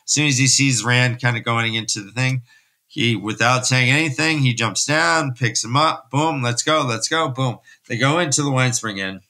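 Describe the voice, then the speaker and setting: A man hosting a podcast, recapping a story in an animated, rambling, jokey way. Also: mid-range voice, moderate pace. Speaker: podcast host.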